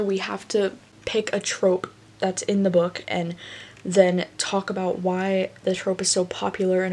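A woman's voice: medium pitch, a little mellow. Young woman vlogger, casual and stressed, lots of "like" and swearing, faint hiss behind. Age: young adult. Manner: filler-heavy, swears often. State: stressed and upset. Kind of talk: casual vlog talk.

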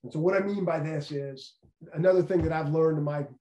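A man's voice: fairly high pitch, brisk, mellow. A middle-aged man, a former football coach, giving an earnest motivational leadership talk and repeating key phrases for emphasis. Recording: echoey room.

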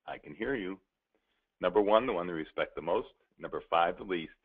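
A male professional speaker leads a playful, interactive talk and chuckles as he speaks to his listeners. His voice is on the low side and heard through a thin, phone-like recording. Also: expressive, brisk, slightly rough. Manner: playful, chuckling, addresses the audience. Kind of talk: interactive storytelling presentation. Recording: tinny narrow-band recording.

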